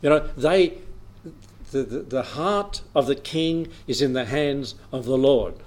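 A man's voice: mid-range voice, slow, a little mellow. A man preaching a Bible teaching in an easy, conversational way, reading scripture aloud and chuckling now and then.

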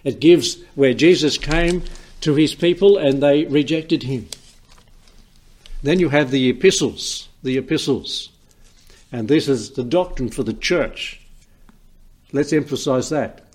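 A man's voice: medium pitch, unhurried, long pauses, a little mellow. A man giving an informal sermon, talking through the sections of a Bible in a conversational way, often repeating words and restarting. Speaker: preacher.

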